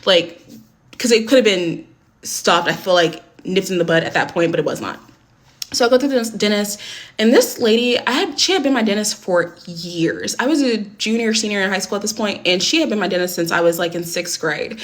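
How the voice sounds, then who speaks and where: A woman's voice: medium pitch, animated, brisk. A young adult woman telling a personal story to camera in a casual storytime vlog, candid and blunt, swearing often and filling with "like". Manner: candid, heavy swearing, many "like" fillers.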